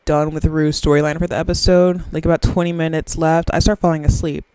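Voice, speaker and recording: A woman's voice: low-pitched, flat delivery, a little fast, warm tone, clear, resonant tone, no room sound, rough recording. A woman, rambling through a profane, self-mocking solo podcast chat very close to the microphone. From Southern US. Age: 20s. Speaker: podcast host.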